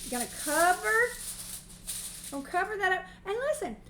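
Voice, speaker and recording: A woman's voice: very high voice, expressive, normal speed, reverberant, noisy background. A woman, hosting a casual cooking livestream from her home kitchen and talking in a long-winded, folksy way. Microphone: mic set on the counter.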